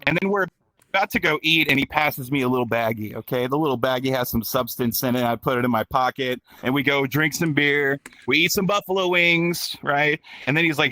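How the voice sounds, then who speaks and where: A man in his thirties from Texas, hosting a stand-up comedy show with a crude, rowdy manner, working the crowd and squeaking out voices for others. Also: fairly quick, bright, forceful tone. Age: 30s. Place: virtual reality comedy club with live audience.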